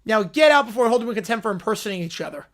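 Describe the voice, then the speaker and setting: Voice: mid-range voice, animated, racing, a bit bright, voice pushed down, lightly acted. A reader doing a weary, blunt judge. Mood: exasperated. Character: exasperated adult judge.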